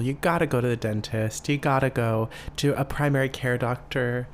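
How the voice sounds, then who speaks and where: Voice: medium pitch, slight background noise. Um apresentador de podcast na casa dos vinte e poucos anos, com sotaque americano, conversando sozinho de forma descontraída e brincalhona. A fala é exagerada e teatral, cheia de palavrões, com tom de voz médio. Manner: chatty, playful and campy, swears freely. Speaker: podcast host. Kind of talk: casual solo podcast chat.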